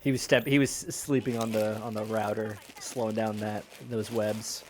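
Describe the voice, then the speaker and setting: A man's voice: on the low side, flat delivery, normal speed, darkish tone, a little hiss or hum. A man casually chatting while streaming a strategy game, laughing often and swearing in passing. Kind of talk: casual gaming stream chat.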